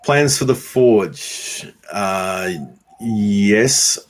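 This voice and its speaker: Slow, deep-voiced Australian man. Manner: unhurried, frequent ums, teasing viewers by name. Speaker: YouTube homesteader and blacksmith answering viewer comments. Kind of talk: casual livestream chat.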